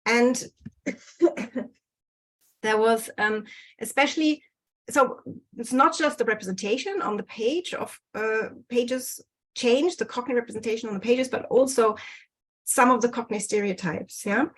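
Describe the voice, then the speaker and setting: A woman presenting research in an online lecture over a video call, pausing often with ums and correcting herself. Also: on the high side, fairly bright tone. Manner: hesitant, many ums and self-corrections. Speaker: guest speaker presenting research.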